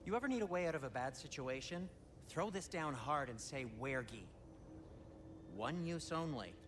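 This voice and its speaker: A man's voice: a little high, lively intonation, normal speed, background noise, natural voice. A man playing fussy dwarf craftsman Sindri. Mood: instructive. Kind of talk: video game voice acting.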